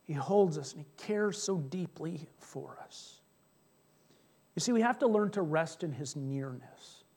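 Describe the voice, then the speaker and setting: A man's voice: on the high side, expressive, a little slow, a little mellow, husky. A middle-aged man preaching a sermon as pastor, telling a personal story in a chatty, joking way. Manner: chatty storytelling, jokes with congregation.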